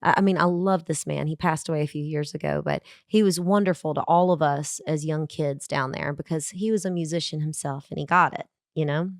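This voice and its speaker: A woman from Georgia talks through her early days as a country singer. Her voice sits a little low and is recorded dry, as over a remote call. She is chatty and animated and acts out the people in her stories. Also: brisk, hardly any pauses, no room sound. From Georgia, USA. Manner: chatty, animated anecdotes with acted quotes and fillers. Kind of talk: casual storytelling in a podcast interview. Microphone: remote call from Nashville.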